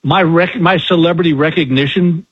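A man's voice: on the high side, moderate pace, breathy edge, muffled recording. A man, a guest comedian, telling folksy, self-deprecating stories in a radio interview.

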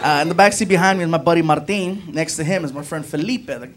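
A man doing stand-up, telling an animated road-trip story and acting out friends' voices. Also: fast, background noise. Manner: animated, acts out voices of friends with high shouts. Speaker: stand-up comedian. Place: comedy club stage with audience.

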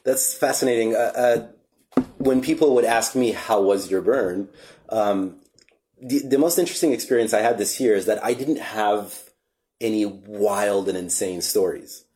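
A man hosting a podcast, talking in a relaxed, reflective way and swearing casually. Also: fairly low pitch, moderate pace. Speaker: podcast host. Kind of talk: casual chat.

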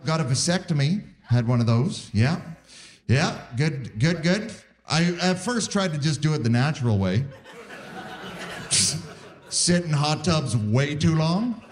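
A man's voice: fairly high pitch, lively intonation. A man in his forties doing a self-deprecating stand-up set before a live crowd. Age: 40s. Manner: self-deprecating, acts out quick voices of others. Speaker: stand-up comedian. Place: live comedy theatre stage. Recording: live stage recording with crowd. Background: audience laughter.

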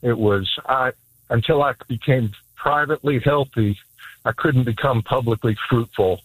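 A man's voice: medium pitch, normal speed, slightly rough, no echo, poor audio. A man calling into a radio show, upbeat and earnest as he shares a story. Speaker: caller. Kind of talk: telling a personal story on air.

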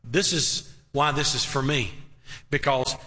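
A man's voice: medium pitch, a little slow, pushed and bright. A man preaching an emphatic sermon in a church, asking his listeners rhetorical questions. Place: church sanctuary. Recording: long hall reverb.

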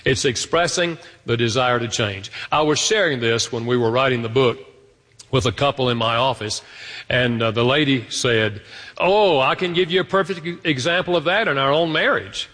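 Man, pastor, sermon, bright forceful voice, lively loud-then-soft delivery, long hall reverb. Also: mid-range voice. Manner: animated, swings between loud stress and slow soft asides.

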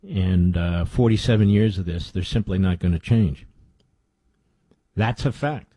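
A middle-aged man hosting a political talk radio show, talking emphatically with rhetorical questions and dropping low for asides. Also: unhurried, dark tone, breathy edge, no echo.

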